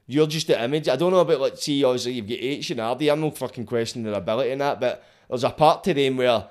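A man's voice: medium pitch, fast talker, a little mellow. A young Glaswegian man hosting a casual chat, blunt and full of swearing. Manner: sweary, blunt, laughs often. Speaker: podcast host.

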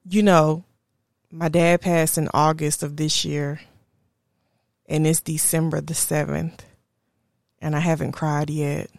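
Slow, low-voiced woman. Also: flat delivery, creaky, no room sound, studio quality. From Houston, Texas area. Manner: slow, reflective, candid storytelling. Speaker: podcast host. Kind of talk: personal monologue.

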